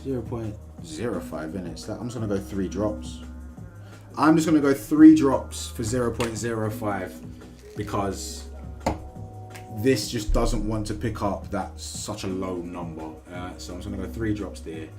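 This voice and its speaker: Excitable, swearing man. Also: fairly low pitch, normal speed, over music. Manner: chatty, excitable, swears freely. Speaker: live-stream host. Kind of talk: casual live-stream chat. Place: home kitchen.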